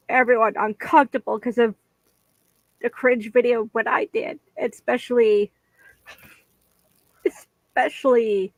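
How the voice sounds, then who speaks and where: Slow, halting woman making an apology. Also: fairly high pitch, a bit bright, dry recording, poor audio. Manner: halting, slow and hesitant, with many restarts. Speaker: vlogger. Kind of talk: apology video.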